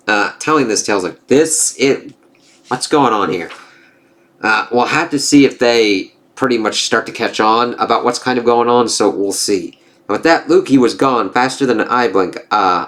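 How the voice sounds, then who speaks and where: A man's voice: on the low side, fairly bright tone. A man reviewing a comic in a loose, casual way, swearing and saying "uh" and "it's like" often. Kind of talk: casual spoken review, reading aloud.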